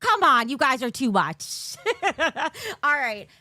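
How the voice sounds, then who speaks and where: A woman's voice: high voice, sing-song, takes it slowly, bright, forceful tone, no echo. A woman live-streaming from her bedroom, chatting casually with her viewers on a desk mic and giggling often.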